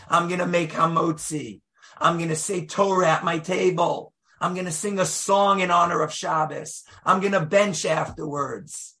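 A man teaching a lively Torah class, emphatic and acting out the voices in the text. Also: a little high. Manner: animated, emphatic, acts out voices and quotes.

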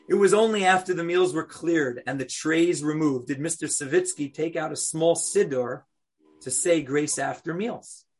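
A man leads a Torah lesson, putting questions to his students and telling a story in an animated, expressive way. His voice is fairly high for a man and has a husky, slightly breathy texture. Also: normal speed. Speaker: Torah teacher.

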